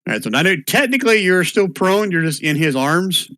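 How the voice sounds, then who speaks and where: A man narrating as game master for an online tabletop game, in a relaxed, low-key way with fillers. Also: a little fast, no room sound.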